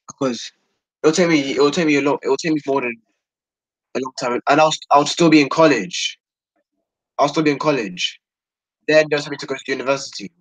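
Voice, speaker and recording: A man's voice: fairly high pitch, no room sound, poor audio. Hesitant young British man vlogging. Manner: hesitant and rambling, stammering restarts. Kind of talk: casual vlog rant.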